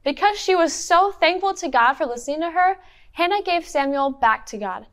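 A woman narrating a Bible story for children in a clear, encouraging teacher tone. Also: extremely high pitch, expressive, normal speed, a bit bright. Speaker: children's Bible lesson leader. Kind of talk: interactive Bible storytelling for kids.

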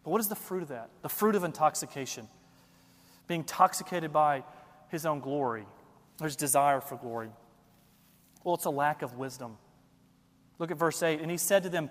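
A man's voice: fairly high pitch, normal speed, long reverb tail. A man preaching a sermon, building emphasis and asking rhetorical questions. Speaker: pastor.

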